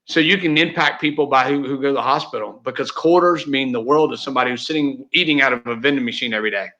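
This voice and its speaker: This guest, a man who leads a real estate team, talks quickly in a mid-range voice with a sharp edge. His speech in the casual interview is sincere but meandering, with many fillers and restarts, and the recording sounds dull and lo-fi.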